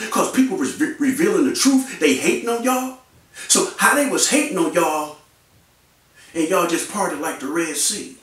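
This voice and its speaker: Animated man ranting in an echoey room. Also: on the high side, distant mic. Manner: animated, repetitive, mocking. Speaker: YouTube commentator. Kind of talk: ranting commentary.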